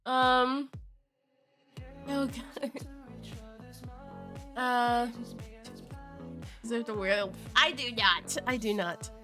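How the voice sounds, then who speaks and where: A high, bright-toned woman chatting on a live game stream, taking her time with her words. She is giggly and flustered and keeps breaking into laughter. Faint music plays behind her. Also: drawn-out words, pauses often. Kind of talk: casual live-stream chat.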